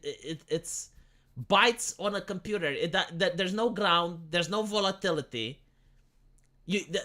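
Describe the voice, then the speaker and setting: Man, livestreamer, high voice, sharp tone, sarcastic ranting, profane, halting restarts. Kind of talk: livestream commentary reacting to film reviews.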